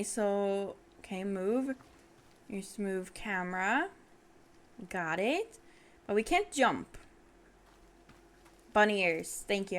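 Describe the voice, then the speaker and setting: Chatty, giggly woman streamer. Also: mid-range voice. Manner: chatty, giggly, apologetic, talking to chat. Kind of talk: casual stream chat while playing a game.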